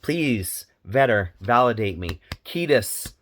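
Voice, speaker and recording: A man's voice: mid-range voice, expressive, slow pace, fairly bright tone, slight background noise. A man talking candidly as a parenting vlogger, earnest, repeating phrases for emphasis. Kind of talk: candid personal monologue.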